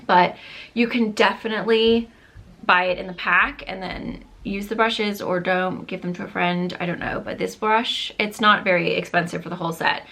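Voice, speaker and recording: A chatty young woman talking through her favorite makeup in a relaxed, gushing way. She fills her sentences with "like" and "um", and her voice sounds a bit worn from losing it. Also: medium pitch, normal speed, creaky. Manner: chatty, gushing, many fillers like "like" and "um". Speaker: beauty vlogger. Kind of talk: casual makeup review chat.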